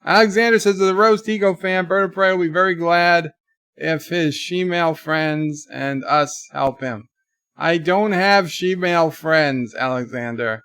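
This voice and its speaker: A man's voice: on the high side, a little slow, fairly bright tone, clear, resonant tone, no echo, studio quality. Man reading chat on a livestream. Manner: reads chat messages aloud and answers them. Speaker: livestream host. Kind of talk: casual livestream chat, reading viewer comments aloud.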